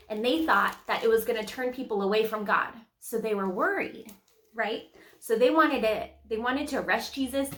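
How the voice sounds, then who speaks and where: Woman, kids' ministry leader, slightly high-pitched, chatty, talks straight to the children. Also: fairly bright tone. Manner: casual, chatty, asks kids questions. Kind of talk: kids' devotional teaching.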